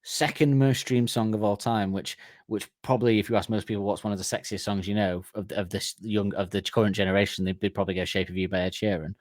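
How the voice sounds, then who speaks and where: A man with a fairly low voice co-hosts a casual comedy podcast. He rambles from one tangent to the next, acting out characters' lines as he goes. The sound is close and dry, with no room at all. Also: flat delivery, quick pace, dry recording, soft background music. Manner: rambling storyteller, acts out voices in quotes. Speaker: podcast co-host.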